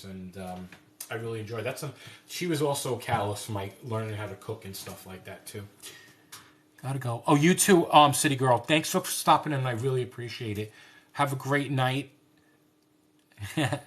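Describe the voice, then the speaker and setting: A man's voice: mid-range voice, a little hiss or hum. A man hosting a casual cooking live stream, rambling through stories with frequent restarts. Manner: rambling, restarts often, warm storytelling. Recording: roomy echoey room.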